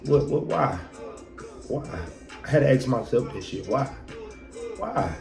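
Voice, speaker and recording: In an echoey room with loud background music, a male podcast host gives a foul-mouthed, no-nonsense motivational speech full of rhetorical questions. His medium-pitched voice is animated and unhurried, with vocal fry.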